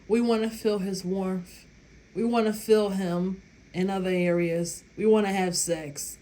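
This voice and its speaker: Speaking a little slowly at medium pitch, this woman has a dark tone and fairly even intonation. She dishes out relationship advice to viewers with blunt, emphatic, heavily profane casualness, laughing at her own tale.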